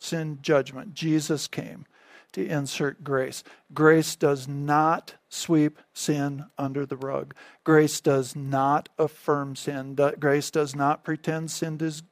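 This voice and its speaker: A man's voice: on the high side, dry recording. A man preaching as a pastor, teaching in an emphatic way, repeating key phrases and checking in with the listeners. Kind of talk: sermon teaching.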